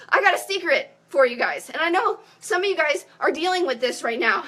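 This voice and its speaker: A woman in her thirties giving an energetic motivational pep talk as a coach on a call. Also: sits high, fairly quick, few pauses.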